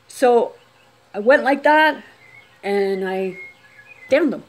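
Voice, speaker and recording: A woman telling a personal story on camera, unscripted, talking quietly with many restarts and trailing phrases. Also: a little high, lively intonation, takes it slowly.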